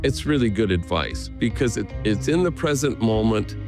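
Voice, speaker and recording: A man, a priest being interviewed, speaking earnestly and gently as he tells stories. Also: lowish voice, lively intonation, moderate pace, over music. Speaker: Jesuit priest, guest. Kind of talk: reflective conversational storytelling.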